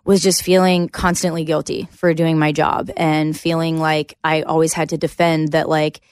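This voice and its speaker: A candid, chatty woman from Canada with a notably low voice, speaking as a podcast guest in her thirties. She talks freely with lots of fillers. Her voice sounds close and dry, with no room echo. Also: little pitch movement, normal speed, clean tone. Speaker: guest, country singer. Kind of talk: casual interview chat.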